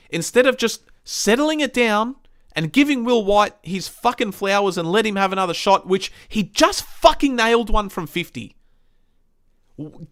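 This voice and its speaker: Australian guy, host, fired-up sweary match rant, lively up-and-down pitch, fairly high voice. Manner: heated, sweary, exasperated ranting. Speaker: podcast host reviewing a football match. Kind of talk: casual ranting match review.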